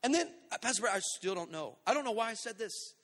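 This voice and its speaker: A man pastor preaching a storytelling sermon, animated and acting out voices, swinging between shouts and hushed asides. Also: high-pitched, fast talker. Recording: long hall reverb.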